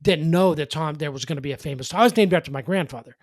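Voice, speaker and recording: A man in his sixties telling a story in casual podcast chat, animated and quick with his asides. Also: fairly high pitch, no echo. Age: 60s. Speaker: guest, former radio co-host and columnist.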